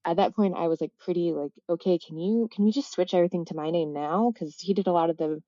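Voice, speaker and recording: A woman in her thirties telling a personal story as a podcast guest, halting and reflective, full of "like" fillers and self-corrections. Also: on the low side, dark tone, no room sound, lo-fi sound. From United States. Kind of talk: candid personal storytelling in a casual interview.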